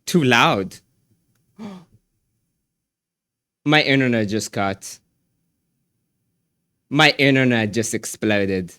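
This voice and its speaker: A man's voice: medium pitch, drawn-out words, long pauses, fairly bright tone, clear, resonant tone, dry recording, studio quality. A young man streaming live, chatting casually in a rambling, slangy way with lots of restarts.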